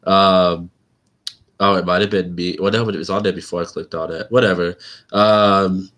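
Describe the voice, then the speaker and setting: A man's voice: low voice, fairly even intonation, normal speed, fairly bright tone, a little hiss or hum. A man hosting his own channel, chatting casually and rambling on a live stream and laughing often.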